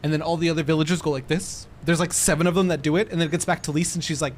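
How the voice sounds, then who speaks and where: A young man giving casual gameplay commentary, animated, laughing often and swearing freely. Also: a little high, rapid-fire, slight background noise. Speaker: streamer.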